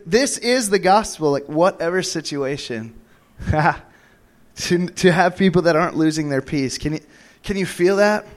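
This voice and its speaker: A young man preaching a charismatic sermon in a church room, rambling with many fillers, breaking into laughs and sudden high whoops.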